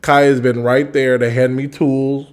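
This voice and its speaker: A man's voice: medium pitch, level tone, a little slow, smooth. A young man co-hosting a podcast in casual chat, playful and teasing, laughing often. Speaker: podcast co-host.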